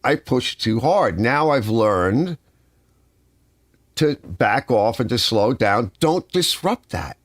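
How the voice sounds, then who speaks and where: An older man hosting a live stream from his garage, chatting casually and telling rambling, animated stories. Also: mid-range voice, slow, dry recording, clean studio sound. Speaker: livestream host. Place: home garage.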